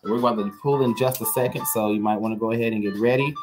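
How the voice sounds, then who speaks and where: A man hosting a live-stream jewelry sale, chatty and upbeat and talking straight to his viewers, with soft music behind. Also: fairly low pitch, fairly even intonation, fast. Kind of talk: live-stream sales chat.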